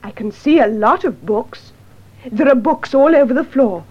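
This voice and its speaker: An actress voicing an impatient young woman in a radio drama for language learners, with a husky voice. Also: sits high, moderate pace. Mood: searching. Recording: dull lo-fi radio recording.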